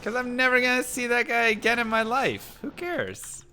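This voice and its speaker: A man with an extremely high-pitched voice hosts a live game stream at a moderate pace, with a little hiss or hum in the audio. He chats casually while gaming, animated and laughing as he tells stories.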